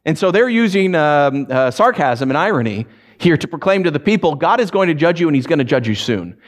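Livestreaming his sermon, this pastor speaks a little fast with big pitch swings. His conversational delivery keeps restarting phrases, rising to emphatic peaks and dropping to quiet, low stresses.

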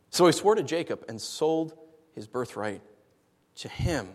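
A man's voice: on the low side, normal speed. A man preaching a sermon, telling stories playfully with big swings in his voice. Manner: animated, playful storytelling with big vocal swings. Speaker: pastor. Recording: long reverb of a large hall.

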